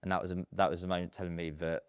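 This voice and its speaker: A man in his thirties, telling stories in a casual podcast interview, chatty and animated with plenty of fillers. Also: low voice, very fast, clear, resonant tone, no room sound, studio quality. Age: 30s. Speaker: podcast guest, estate agency businessman.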